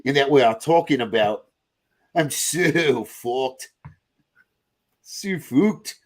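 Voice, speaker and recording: A man's voice: medium pitch, expressive, slow pace. A man putting on a muddled Aussie-Kiwi twang. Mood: playful. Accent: mock Australian-New Zealand. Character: man reading in a mixed Aussie-Kiwi accent.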